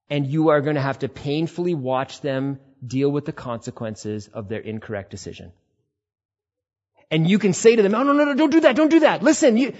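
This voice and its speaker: A man preaching a sermon, swinging between loud emphatic passages and quiet, low reflection. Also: muffled recording. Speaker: pastor.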